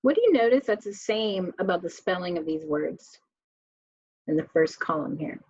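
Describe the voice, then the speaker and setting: A woman's voice: fairly low pitch, lively intonation, darkish tone, no echo, dull audio. A woman teacher giving a spelling lesson to children, reading words aloud one by one and asking the class questions. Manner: slow, clear word-by-word reading with questions to students.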